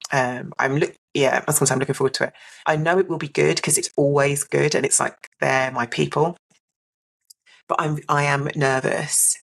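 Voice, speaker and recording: A woman's voice: low-pitched, fairly even intonation, moderate pace, gravelly. A woman giving a candid, reflective personal account as a podcast guest. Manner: reflective and open, mimics others in a brighter voice.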